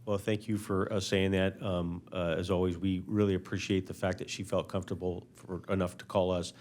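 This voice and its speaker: A man speaking as fire chief at a council meeting, halting and full of filler words. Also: low voice, level tone, a little mellow.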